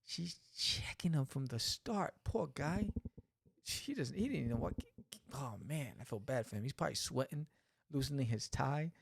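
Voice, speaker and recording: A man hosting a podcast, reviewing a comic in a casual, animated way full of joking asides. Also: mid-range voice, moderate pace, creaky, breathy edge, no room sound, clean studio sound.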